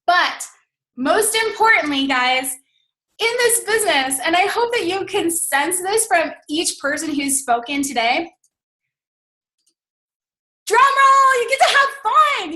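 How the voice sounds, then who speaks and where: A woman leads a team call with an eager motivational pep talk, peppered with "like" and "you guys". Her voice sits high and sounds bright and sharp. It comes through a video call from an echoey room. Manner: enthusiastic, fillers of "like", addresses listeners as "you guys". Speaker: team coach on a training call.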